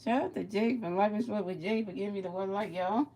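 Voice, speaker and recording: Woman, streamer, casual play-by-play, chatty, repeats words, mid pitch. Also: fast, slight background noise. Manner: chatty, talks to a viewer, repeats words, excited outbursts. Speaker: streamer calling a baseball video game.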